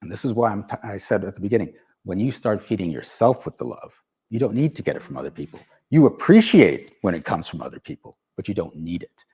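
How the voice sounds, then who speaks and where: Man, motivational speaker, husky, lively pitch, plays out dialogue while storytelling. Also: fast talker. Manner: storytelling, animated, acts out both sides of dialogues. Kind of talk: motivational talk to a live audience.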